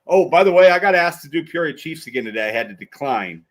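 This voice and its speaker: Rambling, easygoing sports podcast host. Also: male voice, on the high side, lively intonation, quick pace. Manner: rambling, laid-back, with frequent fillers. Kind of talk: casual sports chat.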